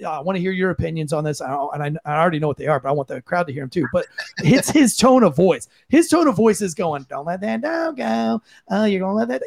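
Male podcast co-host, ex-cop, blunt profane rant, high-pitched voice. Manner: blunt, profane, impassioned ranting. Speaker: podcast co-host, former police officer. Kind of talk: heated opinion commentary.

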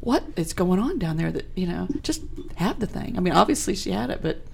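A woman's voice: lowish voice, big pitch swings, fairly quick, vocal fry, breathy edge. A woman co-hosting a casual chat show, telling blunt, wry stories about giving birth. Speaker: co-host.

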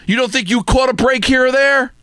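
Guy ranting on sports talk, high pitched, punchy and scolding, dry close sound. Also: bright, forceful tone, clear, resonant tone, no room sound. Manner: emphatic, scolding, rapid-fire repetition. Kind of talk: opinionated sports radio rant.

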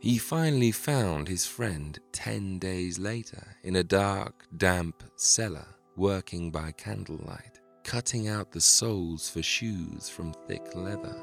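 Deep-voiced man narrating a dramatic tale. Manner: measured, dramatic storytelling. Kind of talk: scripted storytelling narration.

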